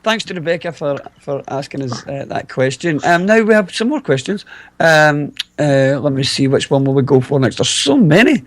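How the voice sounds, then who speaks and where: A man hosts a radio interview, reading out listener questions in a relaxed, conversational manner. His voice sits slightly high. The sound is close and dry. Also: moderate pace, dry recording. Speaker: radio host.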